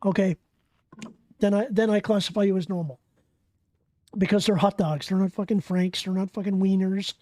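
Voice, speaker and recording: A streamer giving excitable, profane live commentary while playing a game and bantering with viewers. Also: mid-range voice, normal speed, long pauses, no room sound. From Canada.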